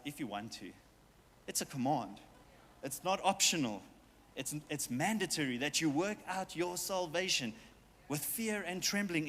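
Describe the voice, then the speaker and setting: A man's voice: high voice, a bit bright, in a large hall. A man preaching a sermon as pastor, talking straight to his congregation with playful asides and quoted voices. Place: church hall with long reverb.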